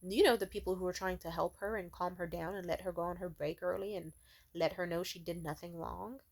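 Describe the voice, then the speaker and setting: A young woman telling a story in a casual vlog rant, exasperated, swearing often and talking in an animated way. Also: on the low side, fairly quick, vocal fry.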